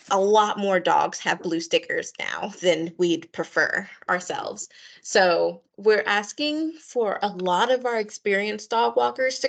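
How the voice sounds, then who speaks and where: A woman's voice: on the low side, vocal fry, a bit bright. A woman coordinating volunteers, giving a friendly online meeting briefing with lots of fillers and repeated pleas. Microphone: video call.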